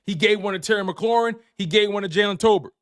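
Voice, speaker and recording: A man with a high, clear, resonant voice talks at a quick pace. He's a sports show host giving an excited live-stream recap, addressing his chat directly, repeating phrases for emphasis, and taking super chats.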